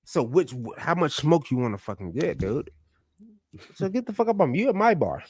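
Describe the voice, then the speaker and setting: A man telling a story in casual podcast chat, loud and profane, animated, with sudden drops to mutters. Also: fairly high pitch, a little fast, husky, dry recording, studio quality. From United States.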